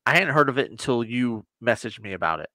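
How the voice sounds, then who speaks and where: A man, a guest on a casual reaction chat, rambling as he retells scenes and drops into quick quoted voices. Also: medium pitch, animated, bright, forceful tone, no echo.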